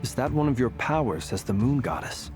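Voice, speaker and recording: A man voicing a calm, matter-of-fact young male companion in a game. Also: medium pitch, a little fast, close to an everyday voice. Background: game music.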